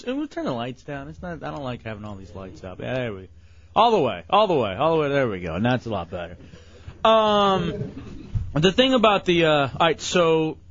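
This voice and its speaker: A man's voice: fairly high pitch, fairly bright tone. A man hosting a casual radio show, joking and teasing his guests. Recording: lo-fi radio broadcast.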